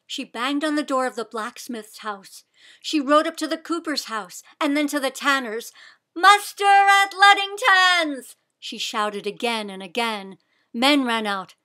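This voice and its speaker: A woman reading a children's picture book aloud with expressive, deliberate storytelling. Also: fairly high pitch. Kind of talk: read-aloud storybook narration.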